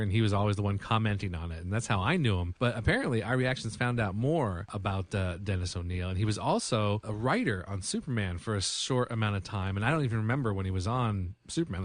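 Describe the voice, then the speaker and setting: Low-ish dude, chatty podcast cohost, dry sound. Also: male voice, no echo. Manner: chatty, explains references, many "you know"s. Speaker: podcast co-host. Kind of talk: casual chat.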